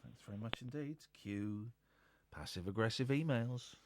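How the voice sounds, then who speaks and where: A man's voice: medium pitch, normal speed, noisy background. A man hosting a late-night radio phone-in, blunt, pressing and sarcastic. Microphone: studio microphone.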